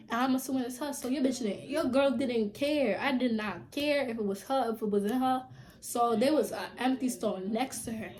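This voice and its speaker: Animated young woman telling a storytime. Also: on the high side. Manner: animated, acts out quotes with loud bursts; blunt and swearing. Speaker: vlogger. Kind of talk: storytime vlog.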